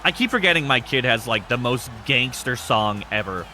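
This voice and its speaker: Bright-voiced man chatting on a stream. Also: medium pitch, normal speed, faint music behind. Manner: rambling, self-described monotone, answers chat. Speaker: streamer hosting an e-fed wrestling show. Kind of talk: casual live-stream chat.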